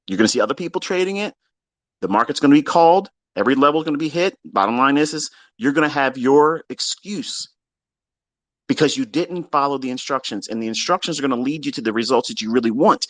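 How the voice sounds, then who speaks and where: This is a man in the middle of a profane, exasperated rant, scolding his trading students as he lectures them. His voice sits a little high and leaps all over the place. The recording is close and dry. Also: lively intonation, fairly quick, no room sound. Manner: mocks listeners in put-on quotes. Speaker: trading educator. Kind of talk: ranting livestream lecture.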